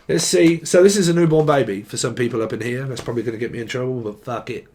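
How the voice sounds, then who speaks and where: A man's voice: medium pitch, fast talker, few pauses, darkish tone, slight background noise. A man giving a casual tarot reading, joking and swearing, and breaking into song now and then. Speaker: tarot reader.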